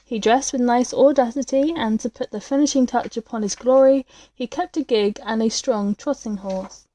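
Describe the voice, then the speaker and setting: A woman narrates an old tale in a measured, dramatic reading voice that is fairly high. Her tone is dark and mellow, and the recording is close and dry, with no room sound. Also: no echo. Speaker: storyteller. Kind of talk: scripted story narration.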